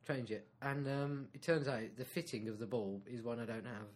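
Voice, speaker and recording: A man's voice: mid-range voice, normal speed, a little mellow. A man co-hosting a casual podcast, telling dry, rambling anecdotes. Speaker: podcast co-host. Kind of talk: casual comedic chat.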